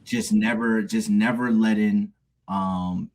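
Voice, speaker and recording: Sincere low-voiced man in his thirties. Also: fairly even intonation, darkish tone. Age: 30s. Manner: halting, with many restarts and fillers, sincere. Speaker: panelist, stepparent. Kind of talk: candid panel discussion.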